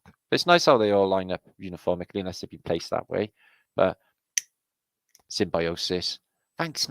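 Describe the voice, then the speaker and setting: A British man hosting a show, chatting casually and excitedly about pictures he is looking at, rambling and swearing freely. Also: deep voice, gravelly, dry recording. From Britain. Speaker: host.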